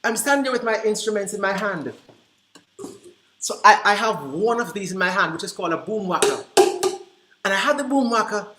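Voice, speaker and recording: A man presenting to early childhood teachers, telling classroom stories in an animated way and acting out the dialogue. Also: high-pitched, a little fast, long pauses, very noisy. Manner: animated, acts out quoted dialogue. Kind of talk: storytelling presentation. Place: conference room. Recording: roomy echo.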